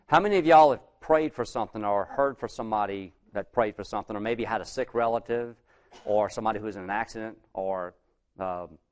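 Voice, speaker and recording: Middle-aged man, lay preacher, chatty sermon, quizzes the room, slow scripture reading. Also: lowish voice. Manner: asks the congregation questions, reads King James verses slowly.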